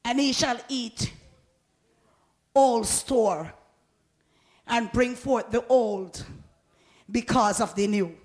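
A woman preacher delivering an emphatic sermon, calling out to the congregation, laughing often and swinging between soft asides and loud cries. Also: fairly high pitch, drawn-out words, pauses often. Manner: emphatic, shouting call-and-response to the congregation. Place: church.

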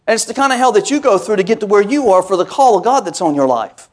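A man's voice: high-pitched, expressive, fast talker, hardly any pauses, over music. A male pastor preaching a sermon, telling folksy stories with call-and-response asides and building into emphatic, repetitive cadences.

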